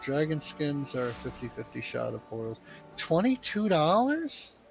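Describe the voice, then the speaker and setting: A man's voice: on the high side, big pitch swings, unhurried, creaky, low-quality recording. A man joking around sarcastically with friends during a game session. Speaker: player in group chat. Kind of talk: casual gaming chat. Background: game music.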